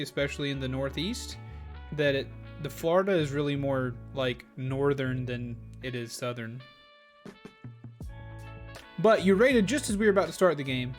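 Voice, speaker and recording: Male live game streamer, slightly higher voice, casual upbeat chatter, faint game music under. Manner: chatty, upbeat, often thanking viewers. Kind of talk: casual live gaming commentary.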